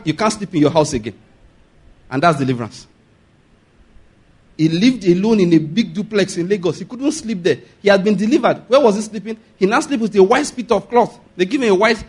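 A Nigerian-accented man preaching a sermon, animated, laughing often and asking the congregation if they follow. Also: high voice, slightly rough.

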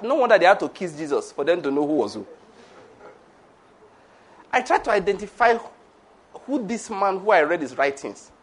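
A man's voice: a little high, breathy edge. A middle-aged man preaching a sermon in a church, emphatic and full of rhetorical questions. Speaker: pastor.

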